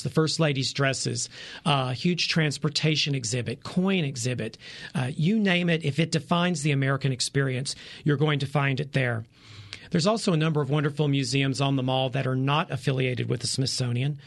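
Gravelly, enthusiastic man in his forties. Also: mid-range voice, moderate pace. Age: 40s. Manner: enthusiastic, many fillers. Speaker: travel reporter. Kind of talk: radio interview.

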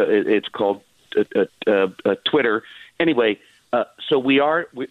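Halting man on a tinny phone line. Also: mid-range voice, no echo. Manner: halting, many fillers and restarts. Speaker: theater producer guest. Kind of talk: phone-in radio interview.

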